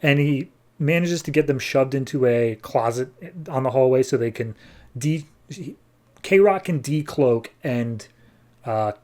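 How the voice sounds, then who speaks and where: A man's voice: mid-range voice, darkish tone. A man hosting a podcast, casually recapping a comic book in an offhand way with lots of fillers. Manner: offhand, filler-heavy retelling with quick put-on quotes. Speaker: podcast host.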